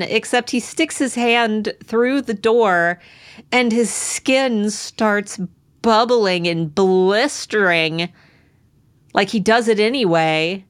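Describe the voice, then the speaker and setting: A woman's voice: medium pitch, takes it slowly. A woman with a mid-range voice who recaps book chapters in a chatty, rambling way, amused and full of asides. She sounds like a casual co-host talking with a friend. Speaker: podcast co-host.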